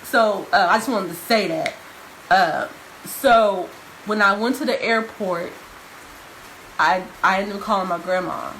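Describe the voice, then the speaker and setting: A woman's voice: mid-range voice, measured pace, pauses often, fairly bright tone, a little hiss or hum, low-quality recording. A young adult woman vlogging, telling a personal story straight to her viewers in a casual, emphatic way and repeating phrases for stress. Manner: addresses viewers informally.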